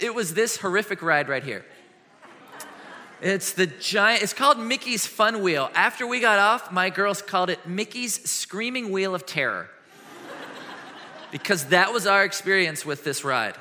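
Bright-voiced pastor preaching in a hall. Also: male voice, sits high. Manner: animated storytelling with quick shifts from loud to hushed. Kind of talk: sermon. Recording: long hall reverb.

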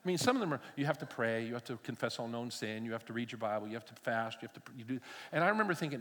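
A man's voice: mid-range voice, lively intonation, very fast, a bit bright, big-room sound. An older man preaching a sermon from a church stage. He tells stories animatedly, acts out the dialogue and adds humorous asides. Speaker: pastor.

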